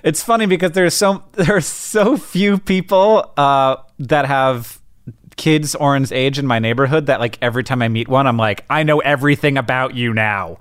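A man's voice: mid-range voice, normal speed, smooth, no echo, studio quality. A middle-aged man co-hosting a podcast, chatting casually in a playful way and laughing often. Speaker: podcast co-host. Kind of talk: casual chat.

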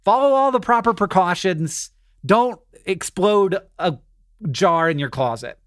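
A man's voice: high-pitched, animated, unhurried, a bit bright. A middle-aged man co-hosting a podcast, chatting casually in a rambling, self-deprecating way and doing the ad reads. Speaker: podcast co-host.

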